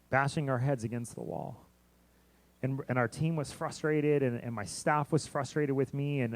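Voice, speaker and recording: A man, a missionary preacher, telling a long story in a sermon, often repeating words and restarting, lively when he quotes others. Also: medium pitch. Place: church sanctuary.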